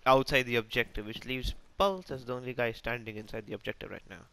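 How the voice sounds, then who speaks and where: A man hosting a gaming channel, giving live, excitable and self-mocking commentary as he plays, talking to teammates and enemies. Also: mid-range voice, fast, clear, resonant tone, no echo.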